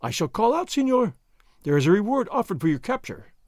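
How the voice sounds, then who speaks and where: A man's voice: sits high, very animated, brisk, darkish tone, no room sound, studio quality, voice pushed up, heavily acted. A man voicing a proud, flustered young noblewoman in a formal, agitated manner. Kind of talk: audiobook character voice.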